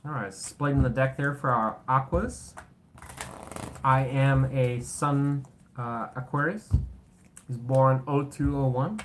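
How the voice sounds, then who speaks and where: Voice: medium pitch, slow, a little hiss or hum. A tarot reader doing a casual reading to camera, blunt and sarcastic, rambling and correcting themself, with casual swearing. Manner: rambling, self-correcting talk.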